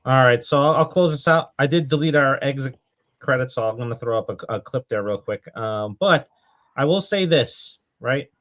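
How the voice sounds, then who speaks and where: Male host at mid pitch, relaxed and speculative, casual movie talk. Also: normal speed. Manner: relaxed, speculative, wraps things up. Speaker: podcast host.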